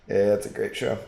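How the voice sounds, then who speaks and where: A man's voice: fairly low pitch, gravelly, warm tone. Laid-back man chatting on a roomy stream. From US West Coast. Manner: laid-back, laughs often, trails off. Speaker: guest gamer and channel mod. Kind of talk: casual gaming stream chat.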